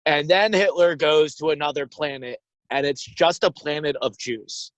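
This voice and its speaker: A man's voice: fairly high pitch, no echo, lo-fi sound. A young man co-hosting a podcast, rambling and riffing jokes while recording on a phone inside his parked car. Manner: rambling, riffing, quick to joke. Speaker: podcast co-host. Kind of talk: casual comedic chat. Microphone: phone held in hand.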